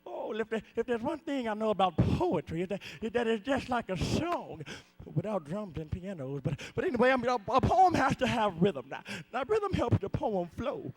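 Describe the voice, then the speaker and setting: A young man doing an impression of a mellow older male soul singer who talks softly, drawling and halting with repeats. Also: high-pitched, sing-song, poor audio. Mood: laid-back. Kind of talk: competitive humorous interpretation.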